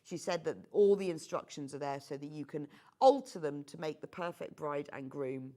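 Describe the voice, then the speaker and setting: A woman's voice: deep voice, animated, moderate pace, dark tone. Gushing woman selling craft kits. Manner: gushing, chatty and enthusiastic. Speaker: shopping show presenter. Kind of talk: live home-shopping presentation.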